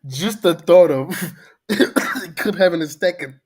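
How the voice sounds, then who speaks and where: A man's voice: high voice, animated, takes it slowly, a little mellow, breathy edge. A man with a cold, bantering and laughing with friends, often saying "you know what I mean". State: sick. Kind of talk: casual banter.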